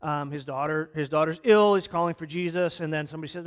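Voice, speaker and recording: A man's voice: a little high, fairly even intonation, fast talker, few pauses. A male pastor giving a conversational sermon, restarting his sentences and acting out quotes as he retells stories.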